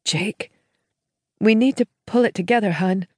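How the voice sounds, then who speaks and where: A woman voicing a grieving woman who is steadying her shaken brother, speaking in a gently firm, urging way in an audiobook. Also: medium pitch, a little slow, breathy edge, dry recording, clean studio sound, voice pushed up. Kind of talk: audiobook character voice.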